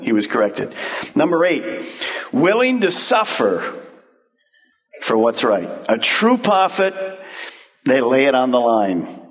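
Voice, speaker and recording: A man preaching a sermon as pastor, animated and acting out quoted voices. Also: medium pitch, a little slow, long pauses, lo-fi sound.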